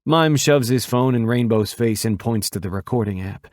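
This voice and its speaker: Reading an audiobook at a steady, measured pace, a man uses a mid-range voice. Clean studio audio with no room sound.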